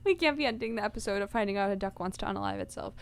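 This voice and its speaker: A young woman co-hosting a podcast in casual chat, giggly and quick to exclaim. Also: mid-range voice, vocal fry, smooth. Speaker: podcast co-host.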